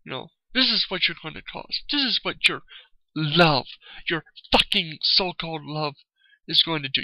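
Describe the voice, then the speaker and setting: In another angry, profane rant for his video commentary, the vlogger keeps falling back on "you know" while he vents. He sounds fairly high-pitched and expressive, moving at a moderate pace. There's no echo, but the highs are cut off.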